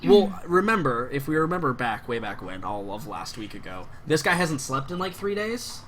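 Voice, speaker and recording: Bright-voiced young game master. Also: male voice, medium pitch, sing-song, moderate pace. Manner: casual, rambling, lots of fillers. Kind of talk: narrating a tabletop game.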